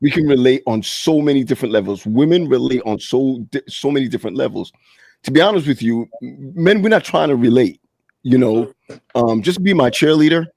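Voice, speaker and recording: A man's voice: mid-range voice, lively intonation, a little fast, vocal fry, a little mellow, dry recording. A man in casual conversation who often stumbles and restarts his sentences. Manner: hesitant, stammering restarts. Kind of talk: casual chat.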